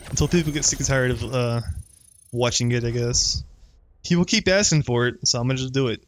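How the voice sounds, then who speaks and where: A man's voice: medium pitch, fairly quick, no echo. Casual laughing gaming streamer man. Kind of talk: gameplay commentary.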